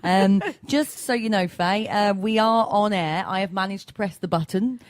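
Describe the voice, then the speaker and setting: A woman's voice: mid-range voice, moderate pace, no echo. A woman hosting a radio breakfast show in upbeat, casual chat. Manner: chatty, upbeat, with fillers. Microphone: studio microphone.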